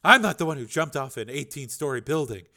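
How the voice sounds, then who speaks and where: A man's voice: mid-range voice, animated, fairly quick, pushed and bright, voice pushed up. A man reading an audiobook, voicing a brash, ambitious young female TV reporter in a lightly raised voice. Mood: eager.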